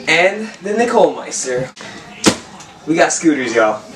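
A man's voice: a little high, moderate pace, noisy background. A man hosting a casual vlog, hyped and jokey, talking in slang while out and about in a car. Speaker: vlogger host.

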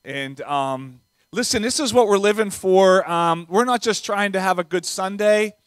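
A man's voice: sits high, normal speed, clean tone, no room sound. A man preaching as a visiting pastor, speaking in a conversational way with small fillers and a non-Southern American accent. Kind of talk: sermon. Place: church sanctuary.

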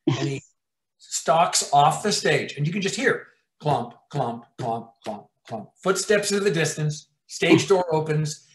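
A man, a TV writer-producer, telling profane, animated stories in an interview and acting out scenes. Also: a little high, unhurried. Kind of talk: anecdotal storytelling in an interview. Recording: roomy echo.

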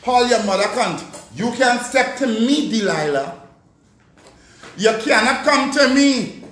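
A woman's voice: on the high side, expressive, slow, a bit bright, echoey room. A Jamaican woman delivering a profane, taunting rant aimed at someone, scolding her directly. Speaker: vlogger. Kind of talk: angry social media rant.

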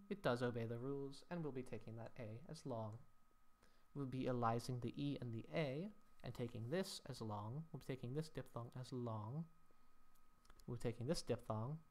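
A man's voice: medium pitch, expressive, normal speed, darkish tone. Man explaining Latin scansion step by step. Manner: explanatory, thinking aloud, mock-dramatic sighs. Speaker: teacher.

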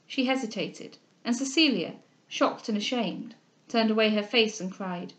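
A woman narrating a novel as an audiobook reader, measured and clear. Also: on the high side, fairly bright tone, muffled recording.

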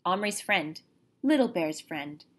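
A woman's voice: fairly low pitch, animated, measured pace, fairly bright tone, slightly rough, exaggerated voice. A woman reading aloud and voicing a proud male warrior who speaks solemnly in clipped, broken phrases.

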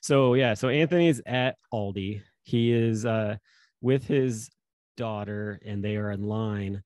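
A man's voice: on the low side, takes it slowly, darkish tone, dry recording. A man co-hosting a podcast, telling a funny story in casual chat and laughing often. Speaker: podcast co-host.

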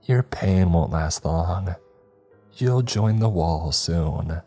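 A man playing a calmly menacing psychopath. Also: low-pitched, very slow, soft background music, exaggerated voice. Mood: calm menace. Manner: calm, menacing, by turns whimpering. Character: unhinged adult son, male, psychopathic, servile to his father.

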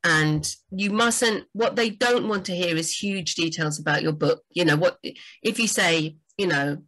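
A woman's voice: fairly low pitch, a little slow, fairly bright tone, rough recording. A woman, a book doctor, giving enthusiastic, chatty writing advice on a livestream. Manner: enthusiastic, chatty, frequent fillers.

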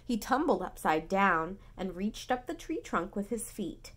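Brief: woman, slow bedtime storybook reading, bright lively voice. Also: mid-range voice. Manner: gentle, expressive, coaxing. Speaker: storybook reader.

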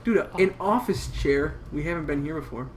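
A man's voice: a little high, a little fast. A young man playing a horror game on stream, joking and nervously narrating his moves. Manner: jokey, nervous play-by-play. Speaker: gameplay co-host. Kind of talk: casual banter over a horror game. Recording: music playing loudly behind. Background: game music.

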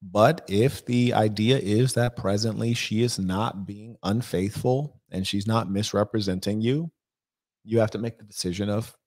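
A man hosting an advice livestream, giving blunt, measured answers to viewers' questions. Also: fairly low pitch, fairly even intonation, darkish tone. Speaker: life coach host.

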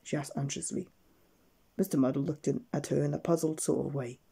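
Guy reading a bedtime story, mellow dark voice, a bit husky. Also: fairly high pitch, fairly even intonation. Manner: gentle, unhurried storybook reading.

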